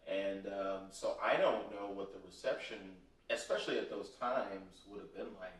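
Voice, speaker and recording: A man's voice: lowish voice, normal speed. A man from the United States interviewing a musician, asking hesitant, searching questions. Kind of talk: casual interview. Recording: roomy and far from the mic.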